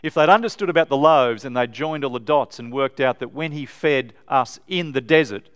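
A man preaching an animated, emphatic sermon to a live congregation in a church. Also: medium pitch, normal speed, clear, resonant tone.

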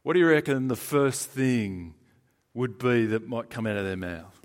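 A man with an Australian accent preaching a sermon in a conversational, emphatic way, moving between loud stresses and hushed lines. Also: mid-range voice, moderate pace.

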